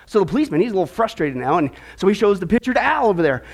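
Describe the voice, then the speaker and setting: A jovial preacher, a man with a very high voice, moves from a long joke into his sermon. He talks animatedly, restarting often with little fillers. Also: very animated, rapid-fire. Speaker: pastor.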